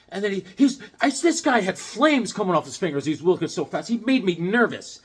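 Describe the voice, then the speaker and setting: Lively, jokey male comic collector. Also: high voice, fairly quick, hardly any pauses. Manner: jokey, theatrical, bursts into bits and voices. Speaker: comic book collector and video host. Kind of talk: casual vlog chat.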